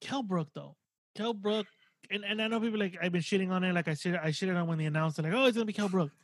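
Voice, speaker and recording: A man's voice: sits high, steady tone, fast talker, dry recording. A man co-hosting a boxing podcast, going through a fighter's record in casual, rambling talk with some swearing. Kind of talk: casual chat.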